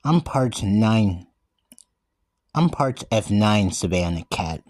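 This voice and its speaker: A man giving an earnest in-character monologue, talking haltingly with restarted words and often calling out to everyone. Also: on the low side, animated, a little mellow, no room sound. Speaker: vlogger describing himself as a wildcat.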